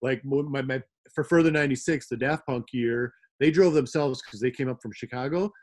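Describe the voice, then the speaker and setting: A man's voice: mid-range voice, brisk. A middle-aged man from the American Midwest, rambling through stories in casual chat, laughing often. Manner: rambling, laughing, full of fillers. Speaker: guest, rave promoter.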